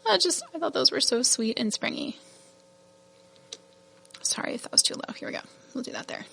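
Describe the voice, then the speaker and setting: A woman's voice: high-pitched, lively intonation, moderate pace, gravelly, fairly bright tone, husky. A woman hosting a casual product showcase, chatty and gushing, laughing at her own fumbles. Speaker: shop host showing new beads.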